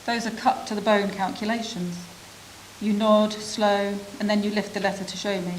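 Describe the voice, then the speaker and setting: Woman, reading a prose story aloud, measured, reflective, pausing, mid-pitched, faint hiss. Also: flat delivery, poor audio. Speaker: reader of a refugee's story.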